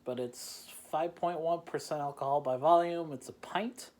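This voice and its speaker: The host of this laid-back beer-tasting chat, recorded at home in the Chicagoland area, has a fairly high but darkish voice and talks at a normal speed. He wanders off on tangents, teases himself and laughs a lot.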